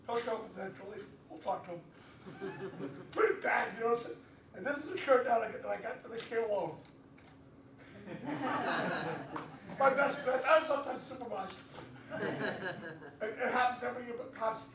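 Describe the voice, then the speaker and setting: A man with a very high voice tells a rambling anecdote at an open mic, shouting his punchlines. He sounds distant, caught in a roomy, echoing panel room. A faint noise hangs behind him. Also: lively intonation, moderate pace, long pauses. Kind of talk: stand-up storytelling. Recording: echoey room, mic from far off.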